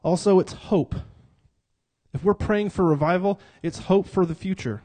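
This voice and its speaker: A man with a high, darkish voice preaches at normal speed, keeping his church sermon interactive. He jokes, calls himself a cut-up, and gets the congregation to repeat lines back.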